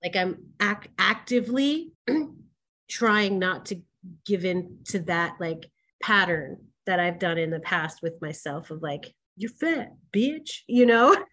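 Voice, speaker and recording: A woman co-hosting a podcast, telling a personal story in candid, animated chat full of "like" fillers and quick laughs. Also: lowish voice. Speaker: podcast co-host.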